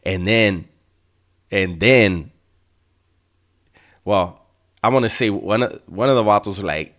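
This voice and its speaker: A man's voice: low-pitched, moderate pace, long pauses. A middle-aged man, casually telling a story to his viewers in profane street slang. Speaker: channel host telling prison stories.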